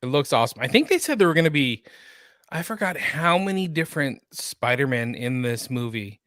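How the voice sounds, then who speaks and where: A man from the Sacramento area in easygoing podcast talk, chatty and enthusiastic, with jokes along the way. His pitch is ordinary and mid-range. The sound is dry and close to the mic. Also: big pitch swings, a little fast, a bit bright, no echo. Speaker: podcast co-host. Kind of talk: casual pop-culture chat.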